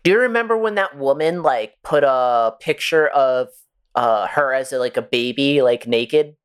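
A podcast co-host chiming in with quick agreements and crude jokes. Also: medium pitch, smooth. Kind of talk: casual chat.

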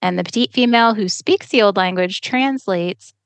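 A woman co-hosting a casual book podcast, recapping chapters in a chatty, expressive way. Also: mid-range voice, normal speed, dry recording. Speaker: podcast co-host.

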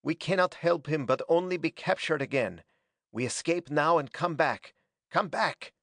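A man doing a terse green alien pilot, raised pitch. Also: slow, no echo, clean studio sound. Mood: urgent. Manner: broken clipped English, panting.

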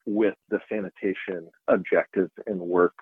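A man, director of a research institute, explains his work in a steady interview clip. His voice is on the low side. It comes through a thin, dry, phone-like line. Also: normal speed, breathy edge, no echo.

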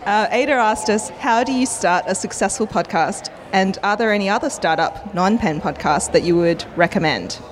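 A woman's voice: medium pitch, moderate pace, few pauses. An Australian woman co-hosting a live podcast panel, with a dry, teasing manner. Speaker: podcast co-host. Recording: live show at a pen expo, audience.

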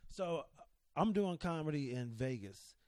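A man's voice: fairly high pitch, a little slow, dry recording, clean studio sound. A man hosting a podcast in casual chat, telling stories and acting out the people in them. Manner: animated storyteller, acts out quotes. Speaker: podcast host.

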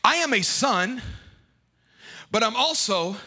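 A man preaching a sermon as bishop at a church service, shouting and singing phrases, calling for responses from the congregation and joking between points. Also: extremely high pitch, expressive, takes it slowly. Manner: playful joking asides. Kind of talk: sermon with sung refrains. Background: music playing.

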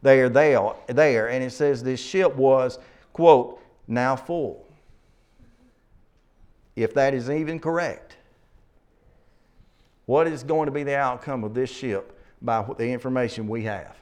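A man leading a Bible study, reading scripture aloud slowly and asking his listeners questions. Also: medium pitch, a little mellow, clean tone. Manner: reads scripture aloud slowly, then asks the class questions.

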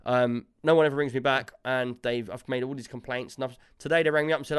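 A man's voice: medium pitch, quick pace, few pauses, smooth. A man telling a long story in casual chat, quoting the people he argued with. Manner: animated storytelling, quotes others in dialogue.

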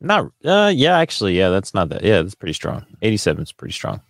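A man's voice: lowish voice, huge pitch swings, quick pace, dry recording, clean studio sound. A man hosting a podcast in casual chat, with laid-back, rambling banter. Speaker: podcast host.

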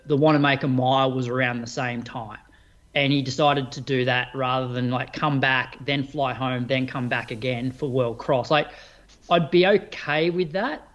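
A man's voice: mid-range voice, muffled recording. A man co-hosting a podcast, giving his opinions in casual chat with plenty of fillers. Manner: opinionated, chatty, many fillers. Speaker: podcast co-host. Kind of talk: casual chat about running.

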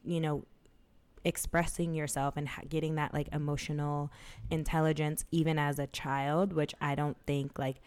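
A woman's voice: low voice, level tone, moderate pace, a little mellow, clean tone. A young woman co-hosting a podcast, talking candidly and casually, swearing and acting out quotes as she tells a story. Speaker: podcast co-host. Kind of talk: casual chat.

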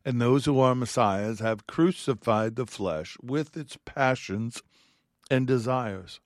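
A man teaches from the Bible in an earnest, heartfelt way, reading scripture aloud between his own thoughts. His voice sits at an ordinary middle pitch. The recording is close and dry, with no room sound. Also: slow pace, no echo.

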